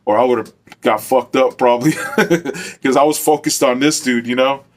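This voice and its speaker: Middle-aged man, ex-corrections officer, casual rambling storyteller, average pitch. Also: normal speed. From Arizona. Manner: loose and rambling, heavy on fillers. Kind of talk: casual first-person storytelling.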